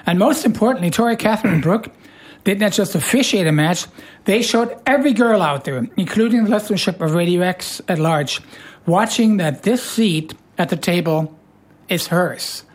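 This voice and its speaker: A woman with a hoarse voice hosting a casual radio chat, playful and teasing, with animated emphasis. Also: lowish voice, normal speed. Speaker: radio host.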